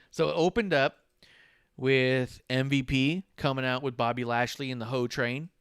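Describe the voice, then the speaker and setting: With a mid-range, clean-toned voice at a moderate pace, this man co-hosts a laid-back wrestling podcast and lively impersonates the wrestlers' quotes in over-the-top voices. The sound is clean studio audio without echo.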